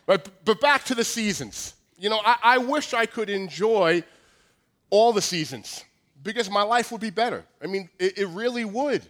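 Nasal long island guy in his 40s preaching, high voice, jokey and stumbling over his words. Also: lively intonation, moderate pace, a bit bright. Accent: Long Island New York. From Long Island, New York. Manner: joking, self-deprecating, stammering restarts. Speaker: pastor. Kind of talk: sermon.

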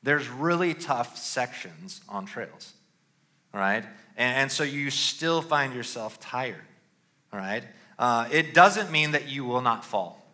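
A middle-aged man preaches with a bright, forward tone. He talks casually to the congregation, stopping often to ask "all right?" The pitch sits in a typical male range. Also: animated, slow pace. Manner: conversational, punctuates with "all right?". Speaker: pastor. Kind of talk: sermon.

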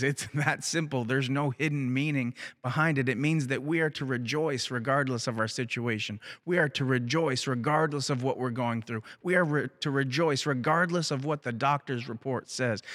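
A man's voice: mid-range voice, a bit bright. A man preaching a sermon as pastor, emphatic and repeating phrases for weight. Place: church.

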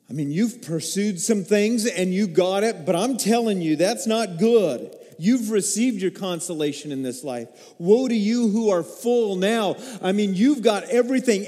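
Man, pastor, sermon, high voice, mellow tone, emotive storytelling, long hall reverb. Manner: emotive storytelling, rising to excited peaks.

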